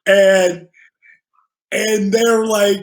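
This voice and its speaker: Guy on a podcast w/ a pretty high voice, swears a lot, acts out the back-and-forth when he tells a story. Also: drawn-out words. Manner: animated, profane, acts out dialogue. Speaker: podcast guest. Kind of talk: casual storytelling.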